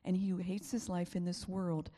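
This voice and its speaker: A woman's voice: on the low side, level tone, normal speed, mellow, in a large hall. A woman preacher giving an emphatic, repetitive sermon and sometimes dropping to a whisper.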